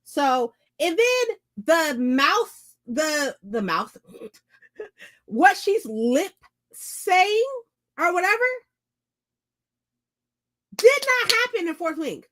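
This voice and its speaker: A woman hosting a book vlog, chatting casually to her viewers at home, animated and profane, repeating phrases for emphasis. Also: extremely high pitch, extremely slow, long pauses. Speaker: book vlogger host. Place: indoors at home.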